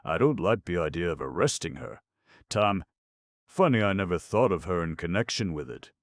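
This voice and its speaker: A man's voice: sits low, very animated, moderate pace, dry recording. A man reading an audiobook, voicing a stern, indignant district attorney who speaks bluntly and coldly. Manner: blunt, exasperated and cold.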